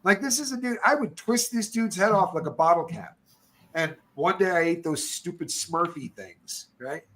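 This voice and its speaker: A man's voice: high-pitched, animated, moderate pace, bright, forceful tone. A middle-aged man telling stories in loose, casual chat, swearing and calling people dude and bro.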